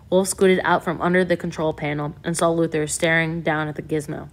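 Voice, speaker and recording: Woman narrator, lower register, calm scripted audiobook reading. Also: a little fast, creaky, hardly any pauses.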